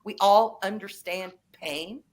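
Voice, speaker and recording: A woman hosting a casual podcast chat, talking in an animated, emphatic way and swearing freely. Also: medium pitch, slow pace. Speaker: podcast host.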